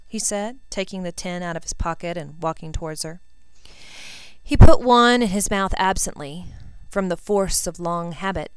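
A woman reading a fan fiction story aloud, narrating in an even, unhurried way. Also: mid-range voice, clean tone, no echo. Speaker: reader.

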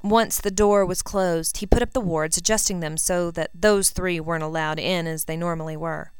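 A woman reading a fan fiction story aloud, narrating in an even, unhurried way. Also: on the low side, smooth, dry recording. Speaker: reader.

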